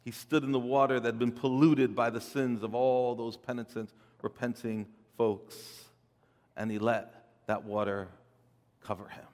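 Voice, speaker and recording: A man preaching a sermon, swelling loud and dropping soft, often repeating words as he builds a point. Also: medium pitch, level tone, unhurried, big-room sound. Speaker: pastor.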